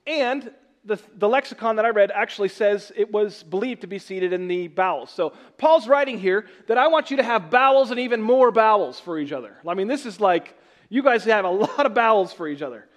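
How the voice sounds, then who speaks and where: A man's voice: high voice, animated, a little fast. A man. He explains scripture in a conversational way and breaks off for joking asides. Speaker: pastor. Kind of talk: sermon.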